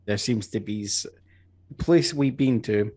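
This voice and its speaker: A man's voice: on the low side, a little slow, warm tone. Wry rambling man at a game table. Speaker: player.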